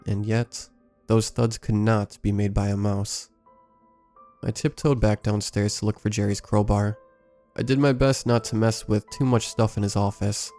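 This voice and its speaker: A man reading a first-person scary story aloud in a measured, scripted storytelling delivery. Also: on the low side, flat delivery, dark tone, soft background music. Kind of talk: scripted horror story narration.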